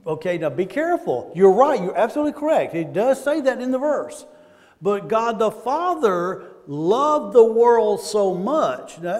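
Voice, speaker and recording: A man's voice: sits high, darkish tone, in a large hall. A man with a Southern American accent preaching a sermon in a church, talking conversationally and asking the congregation questions.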